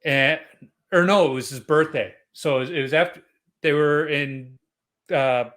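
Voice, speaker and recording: A middle-aged man hosting a podcast interview, telling relaxed, chatty stories. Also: a little high, normal speed. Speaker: podcast host. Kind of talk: casual interview chat.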